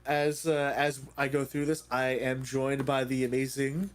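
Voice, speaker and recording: Excitable man streaming. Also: medium pitch, measured pace. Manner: playful, excitable, laughing banter. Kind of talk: casual livestream chat.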